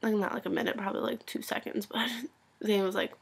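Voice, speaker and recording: A young woman telling an excited story for her vlog, gushing and full of "like," sometimes dropping to a whisper. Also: mid-range voice, fast, gravelly, slightly rough. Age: young adult. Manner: gushing, breathless, constant "like" filler; swings between loud excitement and hushed whispers. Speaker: vlogger.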